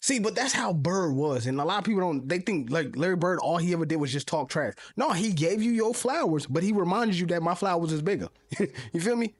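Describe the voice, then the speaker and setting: Excitable high-voiced man reacting. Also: fairly quick. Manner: loud, joking, slangy, laughs a lot. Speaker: reaction host. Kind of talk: casual reaction commentary.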